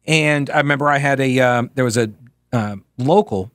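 A man's voice: mid-range voice, normal speed, a bit bright, clean tone, no echo, clean studio sound. A man hosting a talk radio show. He reads out listener emails and answers them in a sarcastic, mocking way.

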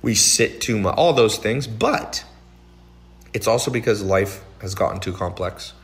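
A man with a fairly low voice holds forth on his podcast in a casual monologue. He talks bluntly and with energy, swinging between loud stretches and low ones. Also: measured pace. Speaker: podcast host.

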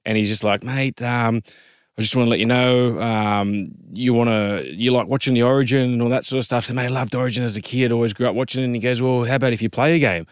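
An Australian man in his thirties, a former rugby league player telling an animated story in casual chat, quoting others in lively voices. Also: mid-range voice, quick pace, clean tone, no room sound, studio quality.

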